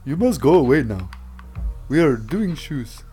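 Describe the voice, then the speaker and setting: A man doing a put-on accent, voicing a stern stranger who orders people away in short, slow phrases. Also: medium pitch, very animated, mellow, faint music behind. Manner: slow, commanding, clipped phrases.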